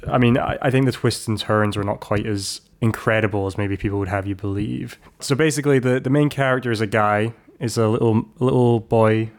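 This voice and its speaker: Recapping a film for a podcast he co-hosts, a man rambles and jokes, frequently starting over and correcting himself. He speaks briskly with a lowish voice, steady tone, and few pauses.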